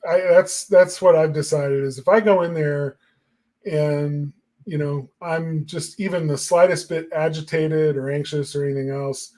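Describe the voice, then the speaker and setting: A man's voice: fairly high pitch, fairly even intonation, a little slow, warm tone. A man co-hosting a marketing talk show, musing in casual chat with lots of fillers. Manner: reflective and rambling, many fillers.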